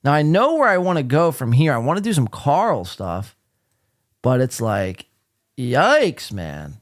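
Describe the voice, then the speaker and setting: A man's voice: medium pitch, huge pitch swings, a little slow, no room sound, studio quality. A man hosting a live podcast, talking casually with blunt sarcasm and frequent swearing. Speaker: podcast host.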